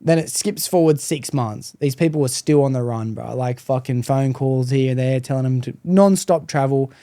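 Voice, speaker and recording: Podcast host guy, warm mellow voice, swears a lot, animated storytelling, dry close sound. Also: mid-range voice, moderate pace, dry recording. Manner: profane, animated storyteller, slangy. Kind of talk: casual chat, storytelling.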